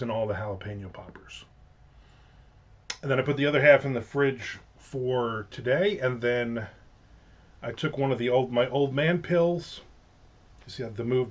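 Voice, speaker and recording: A middle-aged man hosts a casual livestream from home with the windows open, rambling through stories and tossing in jokey asides. He speaks at a medium pitch and moderate pace, and the lo-fi recording sounds slightly dull.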